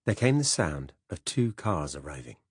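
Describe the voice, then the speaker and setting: A man narrating a first-person spy novel as an audiobook in a measured, even way. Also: rumbling low, breathy edge, no room sound, clean studio sound.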